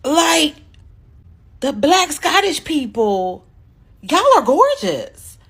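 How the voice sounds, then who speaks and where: A woman's voice: high voice, sing-song, drawn-out words, fairly bright tone. A woman gushes in slang in a casual social media video. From United States. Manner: effusive and gushing, full of slang.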